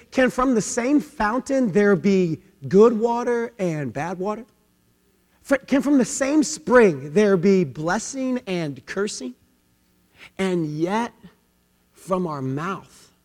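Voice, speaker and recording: Pastor, male, very high voice, dynamic swings from loud to hushed, long hall reverb. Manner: swings between loud emphatic peaks and hushed low passages; repeats "man" as a filler. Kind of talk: sermon.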